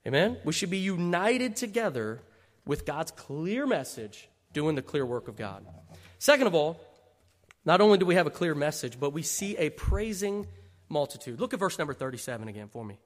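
Male pastor, high lively voice, joking sermon, long hall reverb. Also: normal speed. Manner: humorous storytelling, laughing, asks the congregation "Amen?". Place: church sanctuary.

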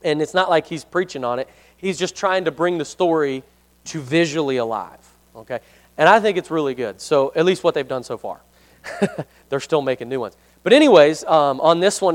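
A man's voice: a little high, normal speed. A man leading a casual Bible study for a congregation, chatty and self-deprecating, often asking the room questions and reading verses aloud.

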